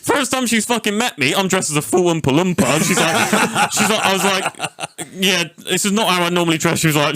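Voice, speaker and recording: Here a young podcast host speaks a little fast in a high-pitched voice, spinning a swear-filled, rowdy tale. It's casual storytelling chat, animated and sweary, captured as a dry recording.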